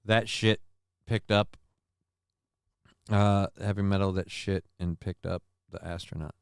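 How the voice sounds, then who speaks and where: A man's voice: sits low, fairly even intonation, measured pace, creaky, clean tone, no room sound, clean studio sound. A man hosting a casual livestream, rambling, cursing and making sarcastic asides while reading chat messages. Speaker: livestream host.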